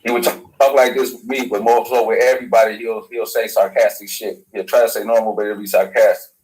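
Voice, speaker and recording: A man's voice: lowish voice, level tone, fast, a little mellow, rough recording. A man, a talk show guest telling a long story in loose, slangy, profane talk. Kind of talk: rambling storytelling.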